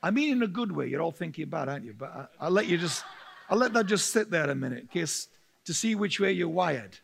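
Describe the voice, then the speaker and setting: Animated, gravelly-voiced male preacher. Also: fairly high pitch, fast, slight background noise. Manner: humorous, laughing, animated storytelling. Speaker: pastor. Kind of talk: sermon.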